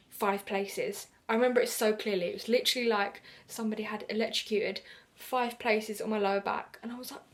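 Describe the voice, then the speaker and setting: A young woman vlogger from the UK telling a story in a chatty, animated way, acting out the dialogue. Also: fairly high pitch. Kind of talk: casual storytelling to camera.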